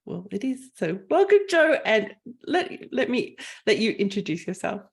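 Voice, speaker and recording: A woman's voice: mid-range voice, big pitch swings, moderate pace, vocal fry, breathy edge. Upbeat Australian woman hosting a podcast. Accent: Australian with Canadian traces. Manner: upbeat, chatty with fillers. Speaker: podcast host, family physician. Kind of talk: casual podcast chat.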